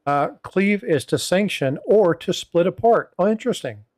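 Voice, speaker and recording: A man's voice: high voice, expressive, normal speed, a little mellow. Rambling middle-aged man hosting a stream. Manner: rambling, filler-heavy, reads viewer chat aloud. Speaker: livestream host. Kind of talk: casual panel chat.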